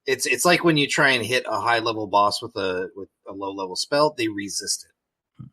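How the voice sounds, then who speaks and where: Bright husky guy explaining game stuff on a podcast. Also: on the low side, normal speed, poor audio. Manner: explains game rules and opinions at length. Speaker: podcast co-host. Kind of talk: casual chat.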